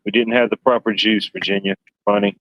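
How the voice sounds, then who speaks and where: Low-voiced joking male host. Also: fairly even intonation, brisk, dry recording, muffled recording. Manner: joking, winding down the show.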